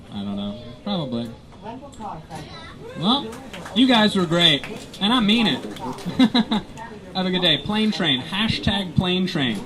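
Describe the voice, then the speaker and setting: A male stand-up comedian doing self-mocking, deadpan bits for commuters on an airport tram. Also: sits high, low-quality recording. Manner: self-mocking, wraps up the show again and again.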